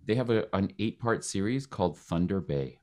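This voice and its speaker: A man from Canada hosting a podcast, talking in an animated, joking way with quick restarts. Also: sits low. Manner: animated, talks fast with restarts and jokes. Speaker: podcast host. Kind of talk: casual interview chat.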